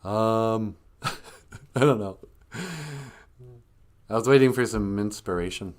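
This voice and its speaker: A man's voice: lowish voice, unhurried, long pauses. A man hosting a live stream in a casual, rambling way, joking and reading viewer comments aloud.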